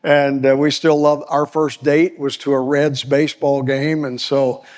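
Slow, earnest older preacher in a hall. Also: male voice, medium pitch, little pitch movement, a little mellow. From Cincinnati, Ohio. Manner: folksy, earnest, slow emphatic delivery. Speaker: guest preacher. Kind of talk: Sunday school sermon. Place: church sanctuary.

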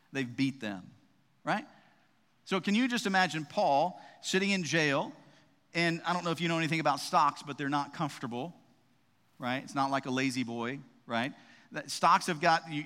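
A man's voice: a little high, bright, forceful tone. Preaching man in an echoing hall. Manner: conversational preaching, frequent "right?" asides and restarts. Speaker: pastor. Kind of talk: sermon. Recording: long reverb of a large hall.

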